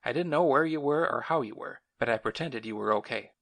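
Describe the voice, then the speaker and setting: A man's voice: mid-range voice, a little fast, fairly bright tone. A man voicing a frail, earnest young male war veteran who talks in an urgent, pleading way.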